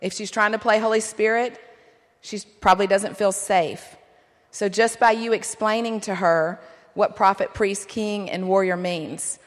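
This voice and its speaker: A middle-aged woman giving a sermon-style talk to a men's conference, earnest and encouraging, with lively asides. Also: medium pitch, measured pace. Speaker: pastor's wife speaking at a men's conference. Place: large hall. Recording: long hall reverb.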